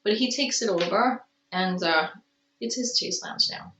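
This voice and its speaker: A woman's voice: medium pitch, a little slow, bright, forceful tone, a little hiss or hum. A woman giving a casual tarot reading at home, with stretches where she coos baby talk to her cat. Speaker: tarot reader. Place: home room. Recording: roomy, distant, dull home recording.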